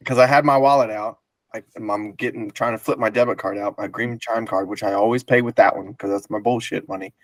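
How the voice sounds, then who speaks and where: A man's voice: mid-range voice, no room sound. A man hosting a casual podcast, telling a long rambling story with laughs and swearing. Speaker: podcast host.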